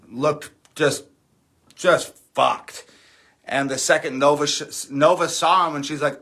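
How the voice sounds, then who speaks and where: A man's voice: mid-range voice, sharp tone. A man chatting casually on a livestream, rambling and candid with frequent fillers and the odd curse word. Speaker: livestream host.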